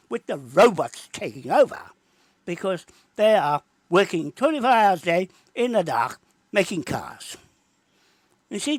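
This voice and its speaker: Rambling high-voiced New man. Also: dry recording. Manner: rambling, emphatic, jumps between topics. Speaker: livestreamer. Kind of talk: rambling livestream monologue.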